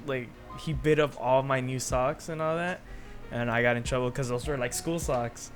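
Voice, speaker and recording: A man's voice: medium pitch, fairly even intonation, moderate pace, faint music behind. Laughing young man telling dog stories. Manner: laughing storyteller, swears freely. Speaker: podcast co-host. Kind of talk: casual chat.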